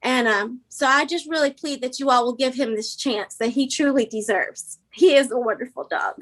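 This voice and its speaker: A woman's voice: high-pitched, normal speed, fairly bright tone. A woman giving earnest, pleading testimony at a public hearing. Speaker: dog adopter testifying at a hearing.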